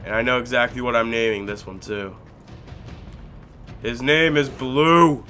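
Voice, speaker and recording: A young man giving let's play commentary on a game, excitable and pleading loudly with his in-game pet bear. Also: mid-range voice, unhurried, faint music behind. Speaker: gaming YouTuber.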